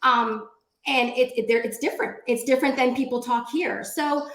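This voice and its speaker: A woman's voice: sits high, steady tone, moderate pace, a bit bright, echoey room. A woman speaking as a panelist at a round table discussion, talking in a chatty way with many fillers and restarts. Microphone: video call.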